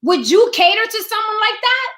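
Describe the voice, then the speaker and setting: A woman's voice: very high voice, sing-song, moderate pace, bright, forceful tone. A woman hosting a discussion show, talking in an emphatic, profane way and repeating rhetorical questions to drive her point home. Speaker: podcast host. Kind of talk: opinionated discussion.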